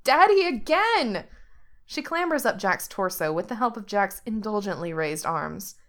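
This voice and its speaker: A woman narrating a story aloud with steady, expressive delivery. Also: medium pitch, moderate pace.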